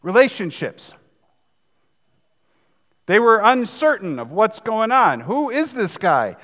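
A man's voice: high-pitched, big pitch swings, slow, fairly bright tone, long reverb tail. A man in his fifties preaching a sermon as pastor, in a conversational, joking manner. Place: church sanctuary.

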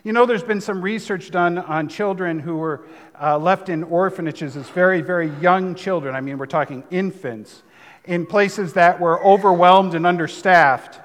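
A man's voice: high-pitched, normal speed, fairly bright tone, in a large hall. A man preaching a sermon, talking conversationally with asides. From United States. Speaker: pastor.

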